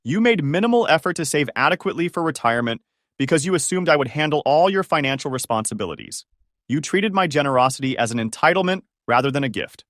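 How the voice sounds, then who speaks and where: A man's voice: fairly high pitch, lively intonation, a bit bright, dry recording, clean studio sound. Man reading as a stern older grandfather. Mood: accusing. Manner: measured, cutting, formal.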